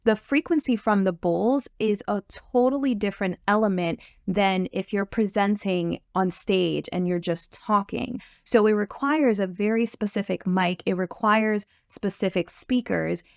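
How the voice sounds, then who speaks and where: A woman's voice: medium pitch, unhurried, creaky, few pauses, dry recording, studio quality. A woman hosting and promoting her sound therapy course, talking with upbeat eagerness. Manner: upbeat, eager, fillers and restarts. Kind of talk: enthusiastic course promo chat.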